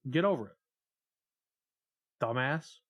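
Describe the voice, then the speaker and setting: A man's voice: medium pitch, expressive, slow pace, fairly bright tone. A man live-streaming a video game, chatting casually with viewers in a profane, rambling, joking way.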